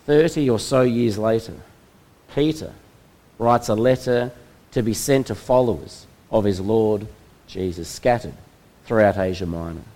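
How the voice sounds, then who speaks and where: A man preaching a sermon, retelling a Bible story in a measured way with slow, dramatic pauses. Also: on the low side, dark tone, poor audio. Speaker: pastor.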